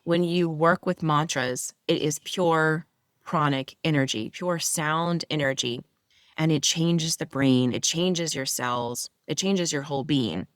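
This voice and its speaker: A woman with a mid-low, even voice talks as a guest yoga mentor, her explanations flowing and eager. The sound is dry and close, with no room around it. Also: slow pace, no room sound. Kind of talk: interview conversation.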